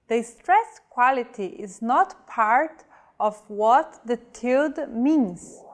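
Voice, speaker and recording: Slow, careful woman teacher. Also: a little high. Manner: slow, careful, enunciating example words. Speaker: language teacher. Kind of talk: slow scripted pronunciation lesson.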